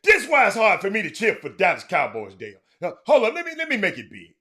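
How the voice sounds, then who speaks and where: Speaking fast in a high voice with a sharp edge, this sports talk host rides huge pitch swings. He's streaming casually from a room at home, calling out viewers by name as he chats.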